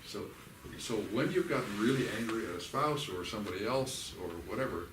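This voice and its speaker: An older man with a lowish voice leads a workshop in a church hall. He talks in a folksy, animated way and slips into the voices of people in his stories. He is recorded from a distance, in an echoey room with faint ambience. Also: fairly quick, noisy background. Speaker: workshop leader. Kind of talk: workshop teaching.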